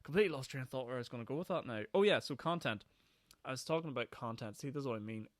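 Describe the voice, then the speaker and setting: A young Northern Irish man hosting his own podcast, talking fast and rambling from one thing to the next with frequent laughs. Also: mid-range voice, expressive, dry recording, clean studio sound. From Northern Ireland. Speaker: podcast host. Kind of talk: casual solo podcast chat. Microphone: podcast microphone.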